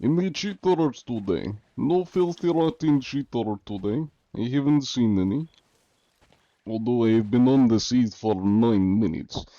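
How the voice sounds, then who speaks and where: A big, blunt Russian cheat hunter, put on by a man with a mock Russian accent, pushing his voice noticeably higher than usual. He speaks in clipped broken English with dropped articles. The sound is dry and a little dull, like lo-fi stream audio. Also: a little slow, mellow, no echo, close to an everyday voice. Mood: gruff, indignant.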